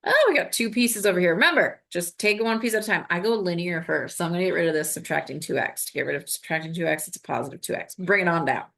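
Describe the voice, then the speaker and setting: Upbeat woman teaching math, a little low. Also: fast talker, creaky, hardly any pauses, fairly bright tone. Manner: upbeat, coaching, talks through each step. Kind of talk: recorded classroom lesson.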